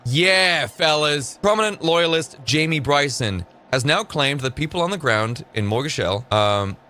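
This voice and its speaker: A man's voice: animated, moderate pace. A man, an online commentator, reading news aloud and cutting in with sarcastic, mocking remarks. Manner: sarcastic, mocking, swings into high shouted bits.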